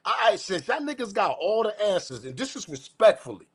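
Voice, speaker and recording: Ranting man with a highish voice. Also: brisk, few pauses, breathy edge. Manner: profane, repetitive, slangy, keeps saying respectfully; animated, swings from muttering to shouting. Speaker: host. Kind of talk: ranting news commentary.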